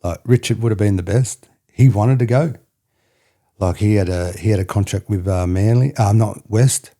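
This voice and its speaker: A man's voice: fairly low pitch, moderate pace, mellow. A middle-aged Australian man, a former rugby player, talking as a podcast guest in a casual, rambling way, often tagging "you know what I mean". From country New South Wales, Australia. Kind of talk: casual reflective storytelling.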